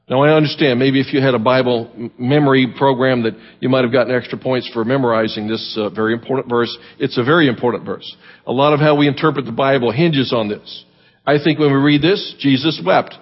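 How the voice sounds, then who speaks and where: A man with a Southern American accent preaching a sermon, reading scripture aloud and then explaining it in a measured, earnest way. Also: medium pitch, husky, dull audio. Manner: reads verses then explains them plainly, measured and earnest. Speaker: guest preacher.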